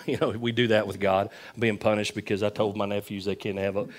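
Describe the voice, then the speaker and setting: Folksy pastor, lowish voice. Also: male voice, flat delivery, brisk. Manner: folksy storytelling with repetition. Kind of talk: sermon.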